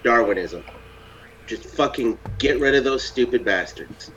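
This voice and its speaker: A man's voice: mid-range voice, unhurried, a bit bright, highs cut off, slight background noise. A man hosting a casual group chat show, loose and swearing freely, laughing often. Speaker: podcast host.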